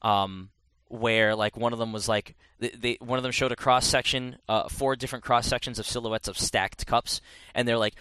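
Man, casual podcast talk, rambling, bright tense tone, dry close sound. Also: mid-range voice, steady tone, moderate pace, smooth, no room sound. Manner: rambling, self-correcting, chatty. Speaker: podcast host reviewing a game. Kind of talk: casual chat.

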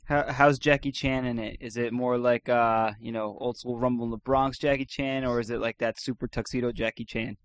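A man chatting from home as a podcast co-host, laid-back and quick to laugh. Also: medium pitch, steady tone, clear, resonant tone. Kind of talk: casual chat.

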